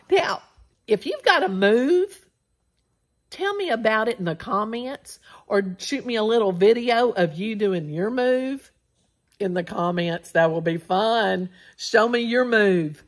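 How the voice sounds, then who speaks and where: A woman reading a children's picture book aloud in a playful, animated sing-song, with big exclamations. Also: mid-range voice. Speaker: children's storybook reader.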